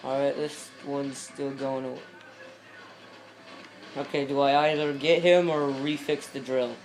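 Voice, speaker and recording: A man's voice: mid-range voice, fairly even intonation, measured pace, pauses often, faint music behind. A man giving casual gameplay commentary, rambling and breaking off mid-sentence to chat with viewers. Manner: rambling, self-interrupting, chatty asides to viewers. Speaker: video game commentator.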